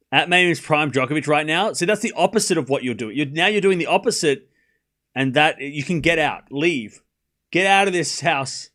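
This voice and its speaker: A man's voice: a little high, expressive, normal speed, long pauses, bright, forceful tone. A man hosting a live tennis watchalong stream, commentating on points and playfully scolding and pleading with his chat.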